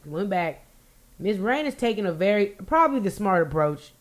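A woman tells a story among friends. She talks in an animated, profane way, acting out what people said. Her voice sits in a middle pitch. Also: normal speed. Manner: animated, profane, acts out quotes loudly. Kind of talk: casual storytelling chat.

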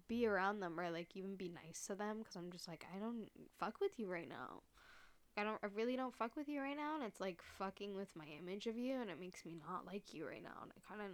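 A woman's voice: medium pitch, fairly bright tone. A young woman talks through her feelings on a casual solo podcast, circling her point with endless "like" fillers, restarts and casual swearing. At times she sounds choked up, close to tears, then laughs it off. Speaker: podcast host.

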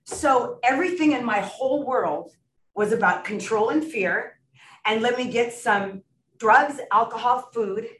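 A woman's voice: on the high side, a little slow, fairly bright tone. Brief: middle-aged woman, earnest and emotional testimony, far off in a roomy space. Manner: earnest, emotional, laughs often. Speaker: recovery meeting speaker. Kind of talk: personal testimony at a support meeting. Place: meeting room. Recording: echoey room, recorded from far off.

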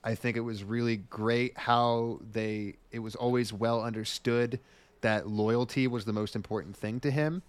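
A man's voice: medium pitch, fairly even intonation, moderate pace, clear, resonant tone, no echo. Sweary, rambling male podcaster. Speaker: podcast co-host. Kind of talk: casual podcast chat.

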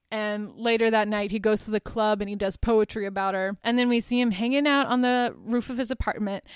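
A woman's voice: mid-range voice, clean tone, dry recording, studio quality. A woman hosting a podcast, casually recapping a film in a chatty way, with frequent ums and likes and light laughter. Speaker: podcast host.

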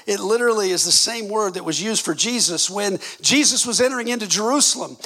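A man in his fifties delivers a sermon with a gravelly, husky voice that sits high and bright. He drops into low, close tones, then climbs into shouted, fervent bursts. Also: lively intonation, a little fast, hardly any pauses. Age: 50s. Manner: passionate, swings from low intimate tones to shouted exclamations. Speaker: pastor.

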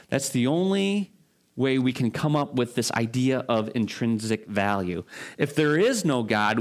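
A man preaching a sermon as a pastor, informal and loose, often checking in with listeners. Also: medium pitch. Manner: informal, frequent fillers and restarts, rhetorical check-ins. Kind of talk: conversational sermon.

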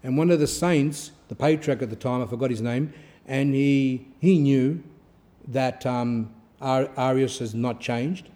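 A man delivers a fervent sermon in a mellow, darker voice. He tells stories, repeats phrases for emphasis, and swings from loud declarations to quiet asides. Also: mid-range voice, measured pace. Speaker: preacher.

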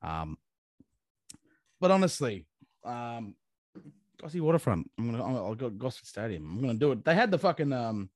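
An Australian man with a bouncy, wide-ranging voice, spinning yarns with plenty of swearing. The sound is close and dry, with no room around it. He talks like a relaxed podcast co-host. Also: mid-range voice, moderate pace, long pauses, no echo. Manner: heavy swearing, animated storytelling. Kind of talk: casual chat.

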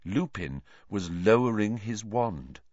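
Male audiobook narrator, unhurried and expressive; dry, slightly dull recording. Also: fairly low pitch, no room sound. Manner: slow, expressive storytelling. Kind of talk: scripted narration.

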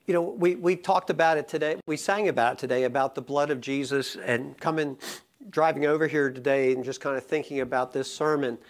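A male pastor delivering a sermon in a somewhat high voice. He speaks in a loose, conversational way, with restarts and fillers. At points he builds to slow, forceful emphasis. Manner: conversational, rising to impassioned emphasis; many fillers and restarts in the calmer parts.

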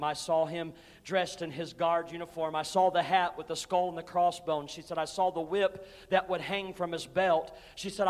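Preacher man in a reverberant church. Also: on the high side. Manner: storytelling that swells to impassioned shouting, then drops to soft pleading; calls out congregation members by name. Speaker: pastor. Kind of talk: sermon. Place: church sanctuary. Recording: reverberant church with music behind.

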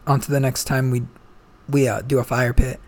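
A man's voice: mid-range voice, little pitch movement, normal speed. A young man, a guest, chatting casually and telling a long story, swearing freely and full of slang. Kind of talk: casual chat.

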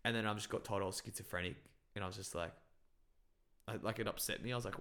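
A young man with a lowish voice talks in loose, rambling chat. His story wanders with fillers and constant swearing. He is originally from Bangladesh. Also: steady tone, fast, a bit bright. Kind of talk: casual chat.

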